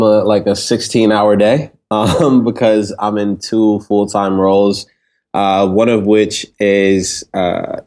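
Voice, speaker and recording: Laid-back man with a low voice. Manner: relaxed, rambling with many fillers. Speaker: interview guest, startup CEO. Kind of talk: casual conversational interview.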